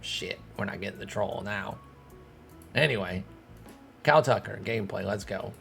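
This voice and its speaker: A young man giving casual gameplay commentary as a streamer, thinking aloud and breaking into sudden excited outbursts. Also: on the low side, normal speed, vocal fry, faint music behind. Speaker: streamer playing a baseball management game.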